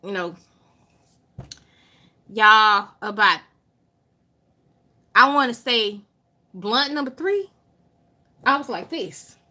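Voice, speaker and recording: Southern woman vlogging, super bright sharp voice, loud animated storytelling, stretches words out. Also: medium pitch. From Alabama. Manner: animated, drawn-out emphasis, swearing freely. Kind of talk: casual storytelling to viewers.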